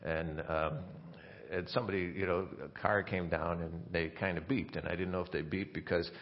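A man preaching a conversational sermon as pastor, talking in a halting way with many restarts and asides. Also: low-pitched, steady tone. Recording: dull lo-fi sermon recording.

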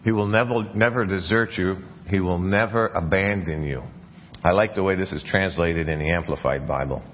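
A man's voice: low voice, moderate pace, highs cut off, a little hiss or hum. A man preaching a sermon as a pastor, earnest, often restarting and repeating words mid-phrase. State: coughing, something in his mouth. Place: church.

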